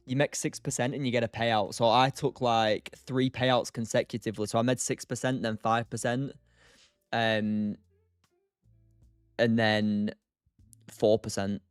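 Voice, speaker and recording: A young man runs a live trading stream and keeps up a relaxed, chatty patter, greeting viewers by name and laughing between remarks. His voice sits in a middle register. It is recorded dry and close, with faint music under it. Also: mid-range voice, clean tone, no room sound. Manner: chatty, reads and answers chat by name, laughs often. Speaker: livestream day trader host. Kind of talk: casual live-stream chat.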